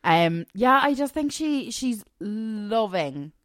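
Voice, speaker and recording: A woman's voice: medium pitch, very animated, slow, dry recording, clean studio sound. A young woman co-hosting a podcast, chatting playfully and laughing often. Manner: giggly, playful. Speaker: podcast co-host. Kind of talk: casual chat.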